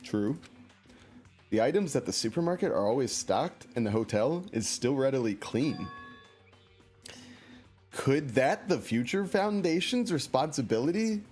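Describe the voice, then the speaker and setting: A man's voice: mid-range voice, big pitch swings, a little slow, darkish tone, faint music behind. A man streaming a video game, chatting casually in a playful, joking and self-mocking way. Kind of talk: casual let's-play commentary.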